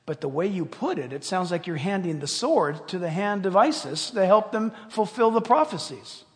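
Pastor guy preaching, really high voice, loud then hushed, big church reverb. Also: expressive, normal speed. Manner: emphatic preaching, swinging between loud and hushed. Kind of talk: sermon. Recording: long hall reverb.

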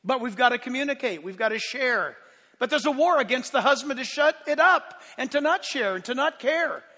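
A man preaching a sermon as pastor, swinging between emphatic bursts and quiet asides. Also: very high voice, expressive, brisk. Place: church hall. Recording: long church hall reverb.

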